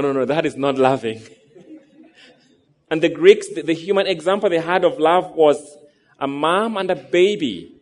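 A man in his thirties preaching a sermon to a congregation, asking them rhetorical questions as he goes. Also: high-pitched. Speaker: pastor.

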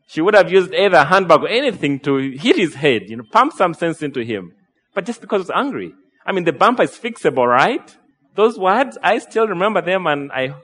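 A man's voice: a little high, a bit bright. A man preaching a sermon in a conversational style, often asking rhetorical questions. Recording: long hall reverb.

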